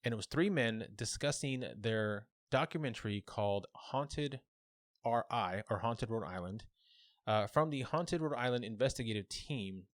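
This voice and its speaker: A man co-hosting a podcast, casually telling a local legend with relaxed fillers and restarts. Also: medium pitch, moderate pace, dry recording, studio quality. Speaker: podcast co-host.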